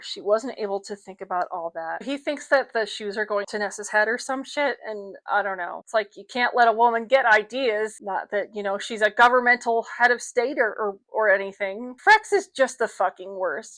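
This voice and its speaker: A woman's voice: on the high side, normal speed, a bit bright, dry recording, poor audio. Blunt, profane woman discussing a book. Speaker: book commentator. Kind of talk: casual book commentary and reading aloud.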